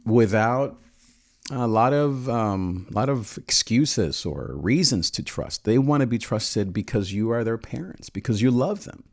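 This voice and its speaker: Man, 40s, low voice, earnest reflective parenting talk, gentle pauses. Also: gravelly. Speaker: parenting channel host.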